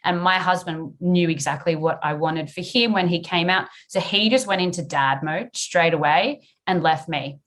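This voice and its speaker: Frank young woman telling her story. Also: lowish voice. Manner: frank and lively, swears freely, acts out her past self. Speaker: guest sharing her birth story. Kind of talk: candid podcast storytelling.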